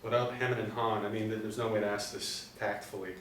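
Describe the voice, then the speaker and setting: Man reading an earnest young guy, hesitant, quiet, mid-pitched, roomy distant sound. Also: flat delivery, fast, lightly acted. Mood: curious. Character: earnest young male truck driver, easily impressed. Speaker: table-read actor. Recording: roomy, distant mic, faint background hum.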